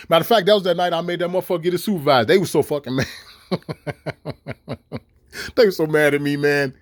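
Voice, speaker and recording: Middle-aged man with a high, dry voice; cussing, stop-start vlog rant. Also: fairly quick, long pauses, no room sound. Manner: animated and swearing, with laughs and repeated stammered restarts. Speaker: vlogger. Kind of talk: profane ranting monologue.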